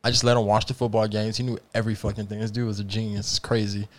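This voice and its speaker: Laid-back slangy man, low voice. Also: little pitch movement, racing. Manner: laid-back, slangy, swearing, agreeing often. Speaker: guest rapper. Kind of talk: casual chat.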